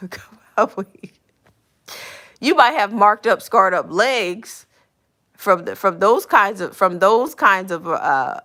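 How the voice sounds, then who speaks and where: A woman's voice: mid-range voice, animated, takes it slowly, pauses often, a bit bright. A woman in her fifties hosting a casual live stream, reading viewer comments aloud, chuckling often and repeating phrases for emphasis. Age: 50s.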